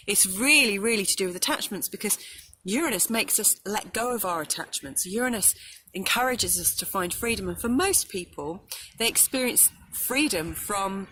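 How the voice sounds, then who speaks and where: A woman astrologer hosting a casual solo talk outdoors in nature. She is chatty and apologetic and often pauses on "um". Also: mid-range voice, bright, forceful tone, a little hiss or hum. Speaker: astrologer host.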